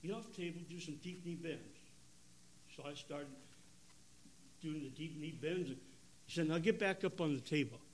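A man, preaching an emotional testimony, swinging from loud bursts to hushed tones. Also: on the high side, moderate pace, pauses often, a little hiss or hum. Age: 70s. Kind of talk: sermon testimony.

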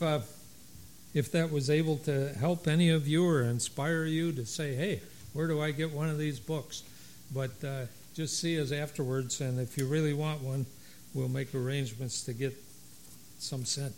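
A man leading a congregation through liturgy. He reads prayers in a measured way and adds plain explanations between them. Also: mid-range voice, fairly even intonation, darkish tone, a little hiss or hum, low-quality recording. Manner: slow, measured reading of prayers with plain asides.

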